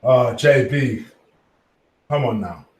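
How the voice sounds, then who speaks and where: A man hosting a fan channel live stream reads the live chat, chatty and swearing as he shouts out viewers. His voice is medium in pitch and slow-paced, and he sounds distant and a bit off-mic in an echoey room.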